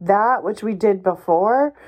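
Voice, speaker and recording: Slow-talking, emphatic woman podcast host. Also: mid-range voice, darkish tone, husky. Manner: emphatic, encouraging, a bit ranty, swears casually. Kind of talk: solo podcast advice monologue.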